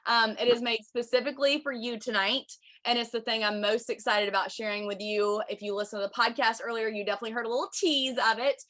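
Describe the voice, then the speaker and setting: A woman's voice: on the high side, steady tone, fast, few pauses, a bit bright. Bubbly woman in her thirties. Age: 30s. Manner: bubbly, chatty, says y'all a lot. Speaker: podcast host. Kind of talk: livestream chat with viewers.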